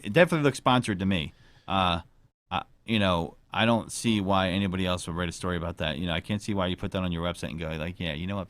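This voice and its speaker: Low-voiced man hosting a casual podcast. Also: fairly bright tone, no room sound. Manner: crude, rambling, joking. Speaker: podcast host.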